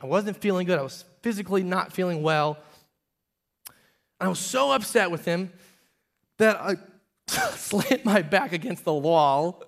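Storytelling pastor with lively swings. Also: male voice, high voice, vocal fry. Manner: storytelling, swings from loud emphatic peaks to quiet hushed confession. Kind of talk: sermon.

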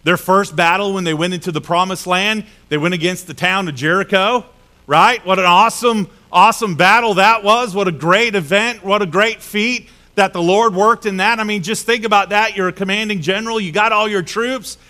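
A male pastor preaching a sermon, telling a Bible story in a lively way and acting out the characters' voices. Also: high voice, moderate pace. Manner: animated storytelling with acted-out voices.

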